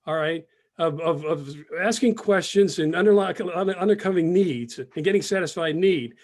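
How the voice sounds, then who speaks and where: A man with a high-sitting, darkish voice and lively intonation speaks at normal speed in a casual live sales webinar. As a business mentor he's upbeat and conversational, repeats phrases, and reads chat comments aloud over a computer microphone.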